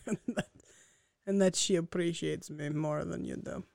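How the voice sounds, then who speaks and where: A woman's voice: fairly low pitch, fairly even intonation, unhurried, gravelly, darkish tone, dry recording, clean studio sound. A woman playing an earnest, musical-loving friend in an improvised comedy sketch, teasing and a little hesitant with fillers.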